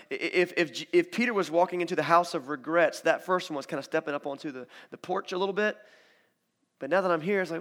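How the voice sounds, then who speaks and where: Animated, chatty male preacher. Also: fairly high pitch. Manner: conversational, animated storytelling with acted quotes. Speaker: pastor. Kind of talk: sermon.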